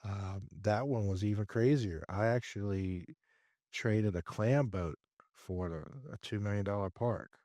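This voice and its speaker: Low mellow-voiced man telling a story. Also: measured pace, dry recording, studio quality. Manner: lively storyteller who acts out his own dialogue. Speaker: podcast guest, real estate investor. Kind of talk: conversational storytelling interview.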